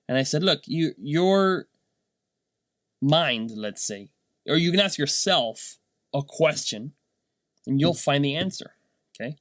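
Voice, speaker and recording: Man, dad, casual motivational talk, rambling and animated, higher voice, dry close sound. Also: slow, long pauses, dry recording. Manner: rambling, animated storytelling, many "right?" tags. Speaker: vlogger and dad.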